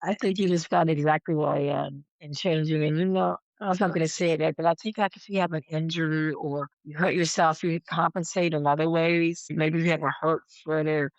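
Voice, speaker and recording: A woman guest on a podcast, talking in a halting, reflective way and often repeating herself as she searches for words. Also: deep voice, fairly even intonation, dry recording, poor audio. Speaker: podcast guest, yoga teacher. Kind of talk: casual conversation.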